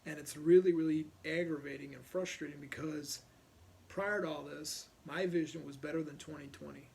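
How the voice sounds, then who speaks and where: A man's voice: on the high side, steady tone, moderate pace, creaky, a little mellow. A middle-aged man from Ohio, a police officer, casually telling a personal story and animatedly acting out other people's lines.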